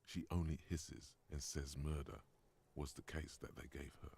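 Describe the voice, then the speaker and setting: Man voicing a gravelly deep inner voice. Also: fairly even intonation, darkish tone, exaggerated voice. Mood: ominous advising. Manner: measured, advising and warning in second person. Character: inner voice of the hero's mind, calm and ominous.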